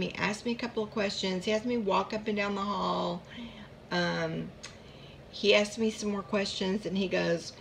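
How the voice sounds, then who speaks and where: A woman's voice: fairly low pitch, creaky, slight background noise. A woman casually telling a long personal story about her chronic pain, chatty and rambling, with many asides.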